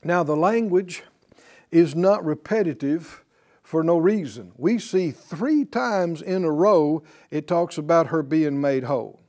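A man's voice: a little high, lively intonation, measured pace, a little mellow. A man teaching a Bible class, emphatic and fond of repeating key words and asking his listeners rhetorical questions.

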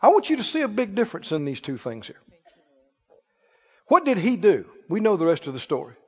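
A man preaching a sermon, animated, asking the congregation questions and acting out scenes. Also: high voice, fairly quick, husky. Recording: reverberant church hall, dull lo-fi sound.

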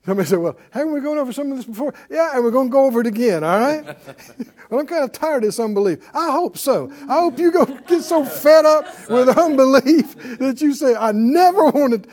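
High-voiced folksy preacher man. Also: lively intonation, brisk, a little mellow. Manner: folksy and emphatic, laughing often, acts out quotes. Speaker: Bible class teacher. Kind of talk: preaching a Bible class with call and response.

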